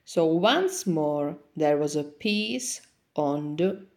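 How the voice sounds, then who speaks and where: A woman reads a children's picture book aloud in a gentle, expressive way. Her voice is fairly low for a woman, and it rises and falls widely. She reads very slowly and unhurriedly. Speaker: storyteller.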